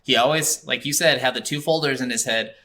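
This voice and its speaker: A man co-hosting a casual movie review podcast, retelling scenes with animation and quick laughs. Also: mid-range voice, sharp tone.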